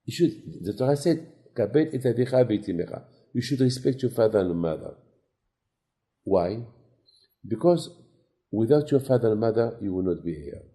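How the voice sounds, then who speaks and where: Gravelly dark-voiced rabbi preaching. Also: male voice, lowish voice, sing-song, normal speed, pauses often. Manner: non-native phrasing, storytelling with quoted dialogue. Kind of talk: sermon.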